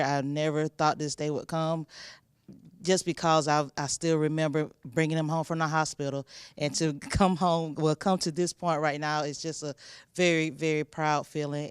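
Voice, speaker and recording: A middle-aged woman gives an emotional tribute as a mother. Her voice is very crisp and fairly flat in pitch. She stops and restarts as she speaks. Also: no room sound, studio quality. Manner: emotional, halting. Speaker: mother giving a family tribute. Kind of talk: short spoken tribute.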